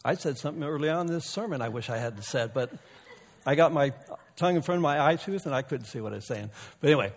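In a reverberant church sanctuary, a pastor with a voice on the high side delivers a sermon. His folksy, conversational style mixes in humor and asides to the congregation.

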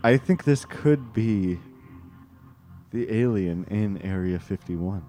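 A young man improvising a comedy sketch in an excitable, playful way. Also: on the low side, takes it slowly.

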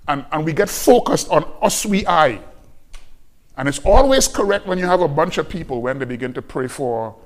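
Emphatic preaching man, slightly high voice. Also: animated. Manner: emphatic preaching, repeats key phrases, slows on scripture quotes. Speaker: pastor. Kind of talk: sermon.

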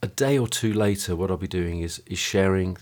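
A man's voice: low-pitched, fairly quick, darkish tone. A man hosting a podcast in a home studio room, talking casually and hesitantly, with many fillers and restarts. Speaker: podcast host. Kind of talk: casual chat and wrap-up.

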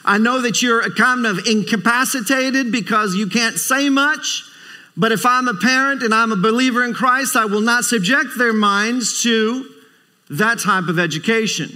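A man's voice: very high voice, moderate pace, sharp tone. A man preaching a sermon as a visiting speaker, emphatic, repeating phrases for stress and calling for amens. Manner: calls for amens from the congregation. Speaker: guest preacher.

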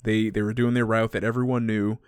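A man's voice: on the low side, level tone, a little fast, clean tone, dry recording, studio quality. A man chatting casually and retelling a story, laughing often and swearing freely.

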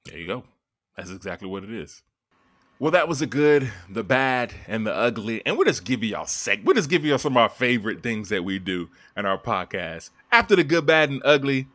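A man hosting a sports podcast in casual chat, emphatic and quick to laugh. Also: medium pitch, dry recording, soft background music. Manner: animated, emphatic, laughs easily.

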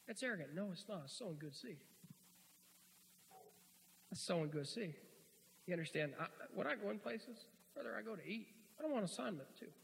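A man preaching a sermon in a folksy, joking way, swinging from quiet asides to loud shouts, in a church. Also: on the high side, gravelly, slight background noise. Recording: hall reverb.

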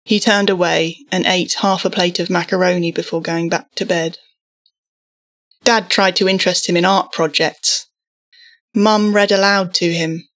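A woman narrating a story aloud in an even, measured reading voice. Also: on the low side.

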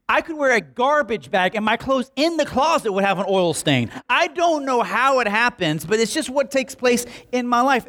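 A young male pastor delivers a sermon in an animated, story-driven way. His voice sits high and swings widely in pitch as he acts out what people say. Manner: animated, jokey storytelling with acted-out quotes.

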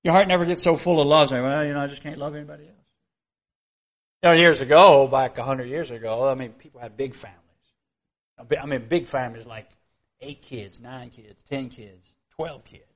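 A man's voice: mid-range voice, a little fast, muffled recording. A man preaching a sermon in a folksy, conversational way, reading scripture and asking his listeners rhetorical questions.

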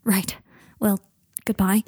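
A woman's voice: medium pitch, flat delivery, darkish tone, slightly rough, dry recording, clean studio sound. A woman voicing an awkward, flustered young wizard man who speaks hesitantly. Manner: hesitant, halting.

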